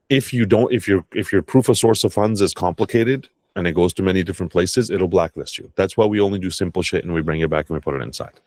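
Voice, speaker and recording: A man's voice: sits low, fast talker, hardly any pauses, darkish tone, no room sound. A man teaching an online class on crypto and banking, talking casually and bluntly, swearing now and then and briefly acting out bank staff. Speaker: crypto tax educator. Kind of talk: casual masterclass talk.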